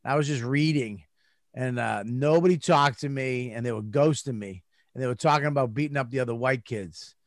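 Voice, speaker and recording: A man's voice: mid-range voice, brisk, no echo, clean studio sound. A man who grew up in Massachusetts, a comedian telling rambling, profane stories in casual conversation. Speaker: comedian guest. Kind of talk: casual storytelling chat.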